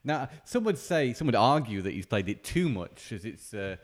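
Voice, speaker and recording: A man's voice: medium pitch, big pitch swings, normal speed. A man co-hosting a podcast, teasing his friend and prodding him with questions. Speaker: podcast co-host. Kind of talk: casual chat.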